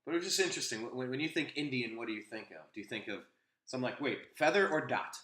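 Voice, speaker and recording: A man's voice: mid-range voice, animated, very fast, fairly bright tone, roomy sound. A man hosting a casual opinion chat, telling a rambling anecdote with frequent restarts. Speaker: host.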